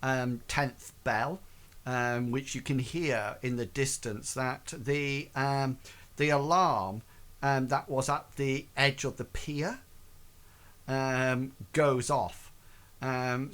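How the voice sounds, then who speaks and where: Slow, halting male game master. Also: mid-range voice, steady tone, a bit bright. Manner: halting, filler-heavy narration. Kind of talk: narrating a tabletop game.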